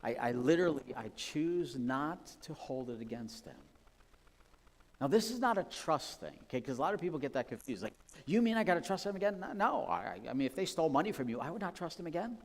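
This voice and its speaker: A man's voice: mid-range voice, sing-song, brisk. A man preaching a sermon in a conversational, personal way, with many asides and rhetorical questions. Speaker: pastor. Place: church sanctuary. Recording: long church reverb.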